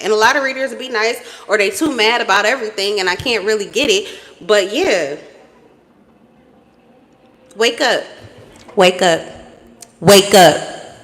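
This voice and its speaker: A blunt, animated woman talks straight to camera as she reads tarot cards, swearing freely and jumping into sudden high exclamations. Her voice sits on the higher side. The sound carries a long reverb from the room around her. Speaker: tarot reader. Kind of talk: casual spiritual reading to camera.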